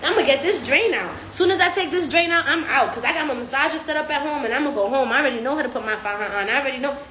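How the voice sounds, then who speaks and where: A woman's voice: high voice, racing, reverberant, slight background noise. A woman hosting a casual live stream, slangy and profane, acting out other people's voices as she talks. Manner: animated, acts out patients' voices. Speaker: recovery house host.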